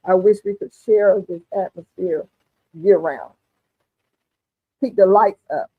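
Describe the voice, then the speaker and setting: A woman's voice: mid-range voice, slow pace, breathy edge, no room sound. Folksy woman on a tinny line. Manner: folksy, chatty, calls viewers honey and darling. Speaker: gardening channel host. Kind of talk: livestream chat with viewers. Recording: tinny phone-like audio, dry.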